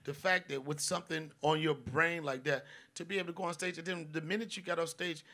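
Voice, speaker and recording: A man hosting a live comedy podcast, telling stories loudly and with swearing, and dropping his voice low for serious moments. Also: fairly even intonation, quick pace. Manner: loud, profane storytelling, drops low for serious moments. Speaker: podcast host.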